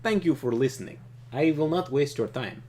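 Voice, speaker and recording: Man reading calm, commanding fantasy game leader, measured and formal. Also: fairly high pitch, voice pushed up, lightly acted. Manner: measured, formal, read aloud with emphasis. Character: calm, powerful male leader of an invading people.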